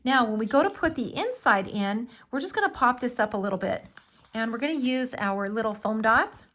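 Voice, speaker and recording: A woman's voice: a little high, lively intonation, a little fast, fairly bright tone. A woman hosting a live craft tutorial, talking through each step in a chatty, enthusiastic way with frequent fillers.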